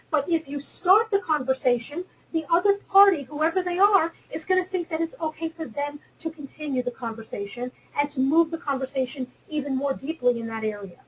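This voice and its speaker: A woman's voice: high voice, poor audio. An earnest woman giving a webinar talk on careers in science, stressing her points and repeating them. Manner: earnest, emphatic and repetitive, with some restarts. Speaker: webinar speaker on careers in geoscience. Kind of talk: instructive talk.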